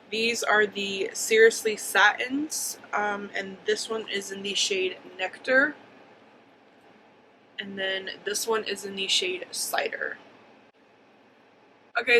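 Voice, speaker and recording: A woman's voice: medium pitch, pushed and bright, a little hiss or hum, poor audio. A woman in her twenties talking casually through a makeup tutorial, chatty and a little hyper, rambling with ums and likes. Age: 20s. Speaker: beauty vlogger.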